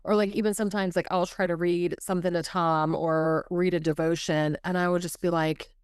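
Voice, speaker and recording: A woman's voice: lowish voice, flat delivery, clean tone, no echo, studio quality. A woman co-hosting a podcast, chatting casually and reflectively, often restarting her sentences. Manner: reflective, halting, many restarts. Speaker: podcast co-host. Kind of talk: casual chat.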